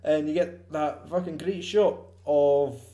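A man's voice: fairly high pitch, fairly even intonation, slow pace, mellow, reverberant. A young man in casual chat about a film, swearing often, laughing and quoting scenes.

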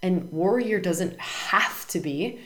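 A woman's voice: fairly low pitch, lively intonation, takes it slowly. Woman podcast host for a spiritual astrology show, emphatic and repetitive, recorded in a roomy space. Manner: emphatic, repeats words and tags "right?".

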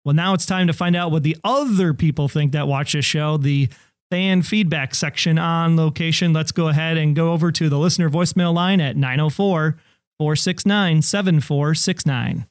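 A man's voice: a little high, moderate pace, no room sound, clean studio sound. A man co-hosting a podcast in casual chat. He is talkative and laughs easily. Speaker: podcast co-host.

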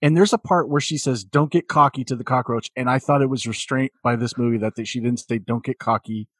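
A man with a slightly husky, mid-pitched voice trades wry, deadpan jokes and laughs easily. The sound is dry and close-miked. He's co-hosting a comedic review podcast. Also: fast talker, dry recording. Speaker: podcast co-host. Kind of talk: casual comedic film review chat.

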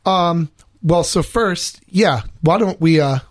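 A man's voice: on the high side, takes it slowly, dry recording, clean studio sound. A man, a priest and guest on a radio talk show, asking questions in a hesitant way full of fillers. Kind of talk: casual radio discussion. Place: radio studio.

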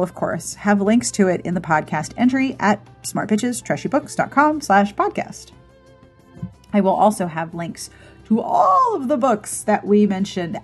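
A woman's voice: mid-range voice, breathy edge. A woman hosting a podcast and reading its outro in a chatty, easily amused way. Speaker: podcast host. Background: faint music.

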